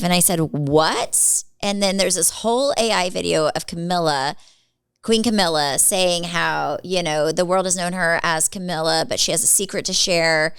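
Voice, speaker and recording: A woman in her forties co-hosting a podcast, telling animated stories in casual chat and acting out other people's lines. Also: fairly low pitch, normal speed, smooth, no room sound. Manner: animated storyteller acting out quotes. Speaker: podcast co-host.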